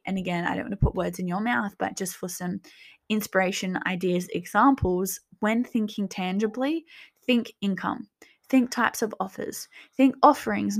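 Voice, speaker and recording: A young woman hosting a coaching talk, gently guiding listeners through reflective questions. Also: medium pitch. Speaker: business coach and podcast host.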